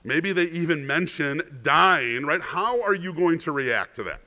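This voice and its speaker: A man's voice: fairly high pitch, animated, unhurried, sharp tone. A male pastor preaching a conversational sermon. He often checks in with the congregation with "right?" and repeats words when he stresses a point. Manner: chatty, asks the congregation "right?".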